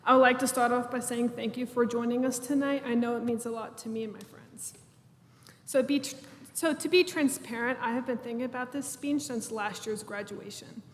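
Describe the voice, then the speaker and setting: A woman's voice: a little high, steady tone, moderate pace. A young woman in her twenties, a class president giving a chatty, self-deprecating graduation speech in a church. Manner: chatty, self-deprecating, laughs through nervous moments. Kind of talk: prepared ceremony speech. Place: large church sanctuary. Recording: echoey hall, room mic.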